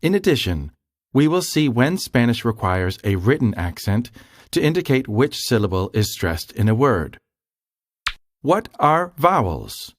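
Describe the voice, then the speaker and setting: A man narrating a scripted grammar lesson in a slow, careful, explanatory way. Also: medium pitch, big pitch swings, no echo. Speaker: language tutor.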